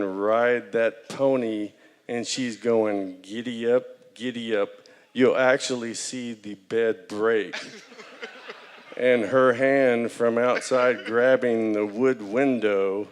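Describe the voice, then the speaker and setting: Slow-drawling man telling a stage anecdote. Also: lowish voice, smooth, long reverb tail. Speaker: actor on a festival panel. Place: theater stage.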